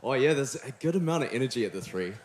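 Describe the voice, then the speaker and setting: Man, New Zealand accent, young preacher, chatty and joking, mid pitch, echoey church hall. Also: lively intonation, fast, slight background noise. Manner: friendly, joking, chatty with the room. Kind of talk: sermon. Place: church hall before a live congregation.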